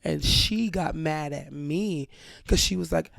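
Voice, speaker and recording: Blunt, gravelly-voiced woman storyteller. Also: lowish voice, measured pace, no room sound, clean studio sound. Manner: animated, blunt, swears freely. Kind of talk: casual storytelling chat.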